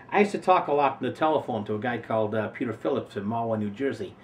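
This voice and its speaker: Male voice actor, interview answers, expressive word-savoring delivery, mid pitch, recorded slightly distant with faint hiss. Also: fast. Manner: expressive, savoring individual words. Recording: voice a bit distant from mic, faint noise.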